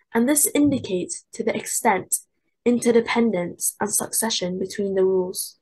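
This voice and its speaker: A woman presenting a scripted lecture in a measured reading voice, chanting Arabic example words aloud as demonstrations. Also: fairly high pitch, darkish tone, slightly rough, rough recording. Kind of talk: scripted lesson narration.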